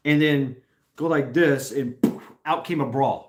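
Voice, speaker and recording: A man's voice: medium pitch, a little slow, noisy background. Rambling, crude-talking man host. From Tennessee. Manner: rambling, crude, laughs often. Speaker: live stream host. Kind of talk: casual live stream chat reading comments.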